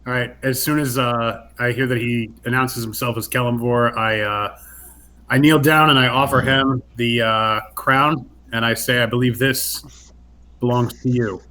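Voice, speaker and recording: A man's voice: medium pitch, steady tone, moderate pace, pushed and bright, slight background noise. A man taking part as a player in a tabletop game, talking casually and thinking aloud.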